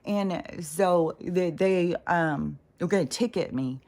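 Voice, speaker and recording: A woman's voice: lowish voice, slow, darkish tone. A woman talking straight to camera in a rambling, indignant rant, swearing heavily as she tells a story. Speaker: spiritual vlogger. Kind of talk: casual ranting monologue.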